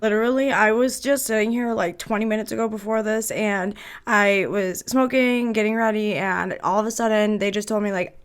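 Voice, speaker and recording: A woman's voice: medium pitch, steady tone, normal speed, hardly any pauses, clear, resonant tone. A woman hosting a casual podcast conversation, blunt and emphatic with casual swearing. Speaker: podcast host.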